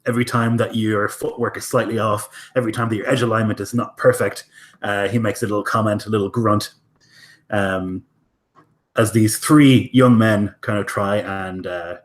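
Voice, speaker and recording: A man narrating a tabletop game as game master in a casual way, with lots of fillers and some swearing. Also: fairly low pitch. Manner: casual, many fillers, profane.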